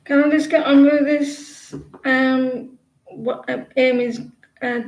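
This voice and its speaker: A woman with an English accent giving tarot readings on a live stream, talking haltingly with many fillers and restarts. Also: sits high, flat delivery, darkish tone, reverberant, rough recording. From England. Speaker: tarot reader.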